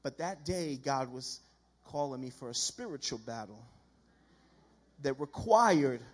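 A man preaching a sermon in a conversational, animated storytelling way, acting out the dialogue he quotes. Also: medium pitch, a little slow.

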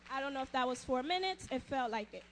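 A young woman giving a personal testimony in church, earnest and halting, often restarting her sentences. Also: high voice, animated.

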